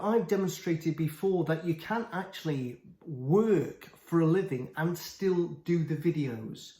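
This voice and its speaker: A man's voice: on the high side, darkish tone. A man giving scornful, indignant critical commentary on a video channel. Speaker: YouTube commentator. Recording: roomy echo.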